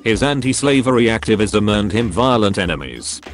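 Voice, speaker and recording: Meme narrator, male, deep-ish voice, deadpan read of funny posts over soft music. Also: moderate pace. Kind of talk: reading funny posts aloud.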